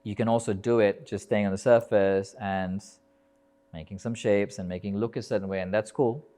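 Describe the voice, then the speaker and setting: A yoga teacher delivers a live motivational talk indoors at a yoga festival, swearing casually and stacking up rhythmic lists with emphasis. He speaks at a moderate pace in a dark, lowish voice with fairly even intonation.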